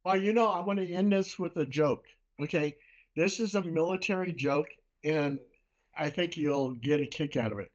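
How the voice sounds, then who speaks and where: A man's voice: a little high, normal speed. Muffled man on a video call. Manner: relaxed storyteller, swears freely. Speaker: host. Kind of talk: casual chat over a video call.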